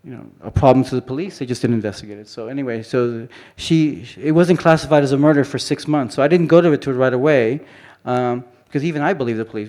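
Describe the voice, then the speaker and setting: A man's voice: medium pitch, quick pace, hardly any pauses, darkish tone. A man speaking at a conference about his photography, rambling informally with frequent restarts and fillers. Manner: rambling, many restarts and "you know" fillers. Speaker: photographer giving a conference talk. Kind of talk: informal presentation talk. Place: conference hall.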